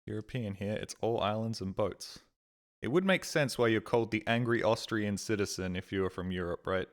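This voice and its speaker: Speaking fairly quickly in a lowish voice, a man chats casually on a live stream from a home desk mic. He rambles and swears with a self-deprecating edge.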